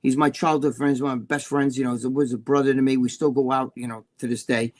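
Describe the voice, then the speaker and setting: A man's voice: mid-range voice, little pitch movement, fast talker. A man chatting as a livestream guest, telling rambling stories and swearing freely. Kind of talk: casual livestream chat.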